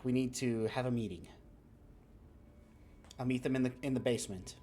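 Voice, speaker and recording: A man's voice: mid-range voice, moderate pace, warm tone, slight background noise, lightly acted. A man voicing a poised, dry-witted woman who leads a criminal crew and speaks in curt, commanding lines.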